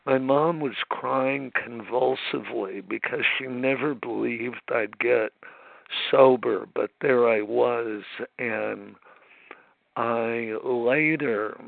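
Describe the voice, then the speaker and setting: A man's voice: mid-range voice, gravelly, no room sound. Nervous man sharing over a tinny phone line. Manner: halting, emotional, many restarts and pauses. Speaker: meeting speaker sharing his story. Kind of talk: personal recovery share.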